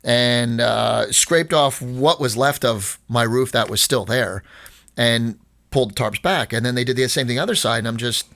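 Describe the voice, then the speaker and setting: A man's voice: medium pitch, moderate pace, gravelly, a bit bright, no room sound. A man telling a long story in casual chat, rambling with many restarts and fillers. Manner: rambling, many restarts and fillers, retells exchanges with quoted dialogue. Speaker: skatepark owner, podcast guest.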